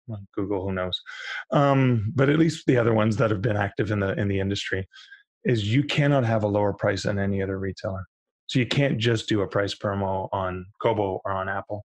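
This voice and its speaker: A man with a husky, slightly breathy voice talks in a relaxed podcast chat. His sound is dry and close, with little room around it. He talks animatedly, restarts often and slips into little acted-out voices. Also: on the low side, no room sound. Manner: animated, acts out quoted voices, frequent restarts. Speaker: podcast guest, publishing industry veteran. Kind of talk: casual podcast conversation.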